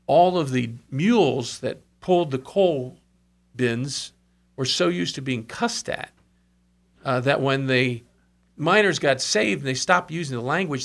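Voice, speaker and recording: A man's voice: medium pitch, gravelly, a bit bright. A man telling revival stories in conversation, earnest, with asides and quoted speech. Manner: earnest storyteller, quotes others, brief asides. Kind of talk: storytelling in conversation.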